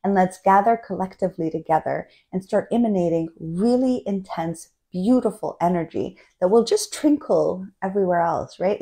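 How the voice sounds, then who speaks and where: A woman's voice: mid-range voice, a little mellow. A woman spiritual coach giving an enthusiastic, casual talk about self-love and collective energy, often checking in with "right?".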